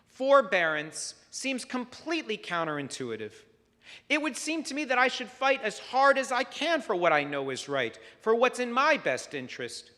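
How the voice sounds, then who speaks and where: A man preaching a sermon as rabbi, measured and reflective, weaving stories into his message. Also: very high-pitched, very animated, bright, forceful tone. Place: synagogue sanctuary. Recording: long hall reverb.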